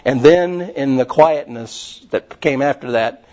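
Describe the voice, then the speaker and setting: A man's voice: mid-range voice, moderate pace, a little mellow. A man preaching a casual, rambling sermon, retelling stories with many fillers. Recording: muffled lo-fi recording.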